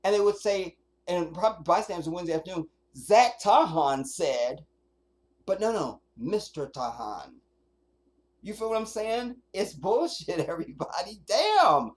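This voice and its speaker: Streamer host, sarcastic commentary, mocking read-alouds, very lively pitch. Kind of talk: livestream commentary.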